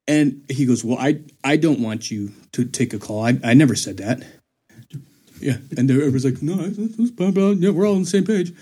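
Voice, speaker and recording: This young man talks fast in a husky, fairly high voice while recounting a story in casual conversation. He's animated, laughing a lot and imitating the voices of others.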